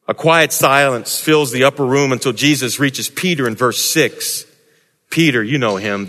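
A male preacher with a bright, fairly high voice who preaches dramatically, stressing words and swooping through a wide range. A long echo from the hall trails behind him. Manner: dramatic, with wide swings in tone and emphasis. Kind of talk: sermon. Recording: echoey hall.

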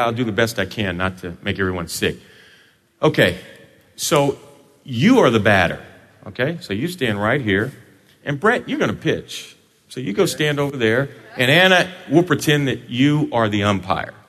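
A male pastor preaching a sermon in a church sanctuary, playful and animated, joking with his congregation. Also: mid-range voice, moderate pace, long pauses, big-room sound.

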